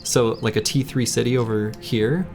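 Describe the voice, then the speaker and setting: Man, game streamer, gravelly voice, casual commentary, faint background music. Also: medium pitch, fairly even intonation, normal speed, darkish tone. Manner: laid-back, thinking aloud, chatting with viewers.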